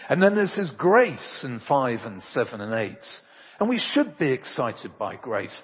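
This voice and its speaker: A man's voice: fairly high pitch, slightly rough. A man preaching an earnest, emphatic sermon and telling homely anecdotes, recorded in a church. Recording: reverberant hall, dull lo-fi sound.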